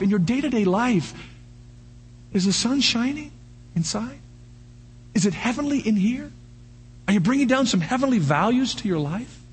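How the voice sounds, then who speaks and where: An older male pastor delivers a sermon in a husky, breathy voice that sits high for a man. He swings widely in pitch, throwing out one rhetorical question after another and bursting into animated shouts.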